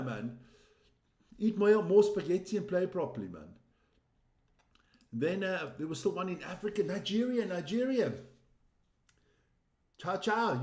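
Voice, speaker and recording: A man's voice: fairly high pitch, darkish tone. A man hosting a casual sports results roundup, chatty, opinionated and teasing. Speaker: sports news host. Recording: roomy echo.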